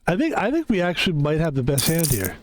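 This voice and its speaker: A man's voice: fairly high pitch, huge pitch swings, fast, slight background noise. A man streaming a game, chatting casually in a rambling, tired way with lots of fillers. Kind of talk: casual gaming stream chat. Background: game music.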